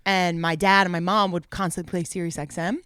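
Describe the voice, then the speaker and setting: A young woman, chatting as a musician guest on a podcast, animated and laughing often. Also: fairly low pitch, a little fast, clean tone, dry recording, studio quality. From New York. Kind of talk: casual podcast chat.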